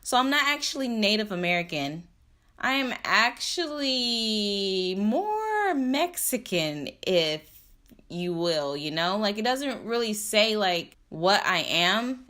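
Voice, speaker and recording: A woman's voice: fairly low pitch, lively intonation, a little slow, pushed and bright, roomy sound. A woman in her twenties vlogging casually to camera, rambling and thinking aloud with lots of fillers. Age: 20s.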